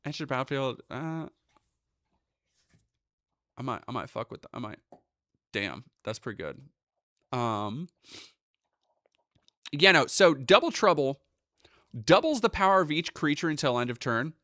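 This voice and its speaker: A man's voice: medium pitch, a little slow, pauses often, dry recording, studio quality. A young man streaming live, talking casually with lots of swearing and rambling asides. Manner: profane, animated, rambling.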